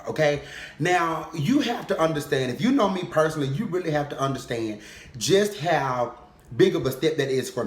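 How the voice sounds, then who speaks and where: A young man telling a funny personal story in casual vlog style, animated and comic, often checking in with "okay?". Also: mid-range voice. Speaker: vlogger. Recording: roomy echo.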